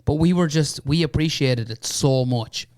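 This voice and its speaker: A young Irish man, a podcast guest, telling a long anecdote in casual chat, animated and peppered with "right?" and "you know". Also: a little high, moderate pace, no room sound, studio quality. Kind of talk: casual storytelling.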